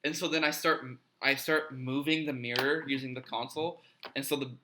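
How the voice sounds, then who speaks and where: A man co-hosting a podcast, telling stories in a swearing, animated casual chat. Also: medium pitch, fairly quick, background noise. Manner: swears freely, animated storytelling. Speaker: podcast co-host.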